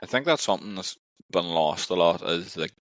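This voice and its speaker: A man's voice: deep voice, lively intonation, fairly quick, fairly bright tone, no room sound, poor audio. A man hosting a conversational podcast, telling an anecdote casually with many fillers. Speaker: podcast host. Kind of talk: interview conversation.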